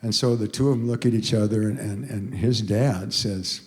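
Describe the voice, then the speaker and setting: Older male singer, about 80, lowish voice, halting heartfelt stage talk, long hall reverb. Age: around 80. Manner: halting, emotional, many restarts and fillers. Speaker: singer telling a story on stage. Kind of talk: rambling spoken stage story between songs. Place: concert hall.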